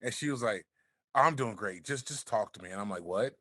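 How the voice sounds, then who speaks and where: A man with a deep, smooth voice, chatting as a podcast guest and telling a laid-back story, swearing freely. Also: lively intonation, a little fast, sharp tone, no echo, studio quality. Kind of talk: casual chat.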